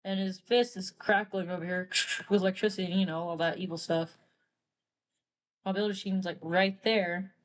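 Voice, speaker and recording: A woman's voice: fairly low pitch, fairly even intonation, normal speed. A woman retelling a story casually while drawing on a live stream, rambling and quoting characters with "he's like". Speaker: artist streamer.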